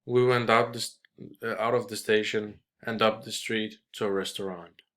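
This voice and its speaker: A man reading a short story aloud in a measured way, with small restarts. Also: on the low side, fairly even intonation, fairly bright tone. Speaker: reader.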